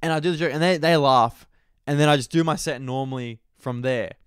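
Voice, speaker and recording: A man's voice: fairly high pitch, brisk, smooth, no echo, studio quality. Young man telling a rambling story. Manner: swearing, rambling, filler-heavy storytelling. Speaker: stand-up comedian. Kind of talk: casual storytelling chat.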